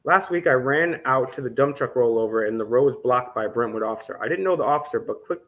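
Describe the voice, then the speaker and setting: A medium-pitched man speaks at a quick pace in this dull, lo-fi clip. He's an independent news host vlogging, reading documents aloud while swearing often and offering sarcastic, indignant commentary.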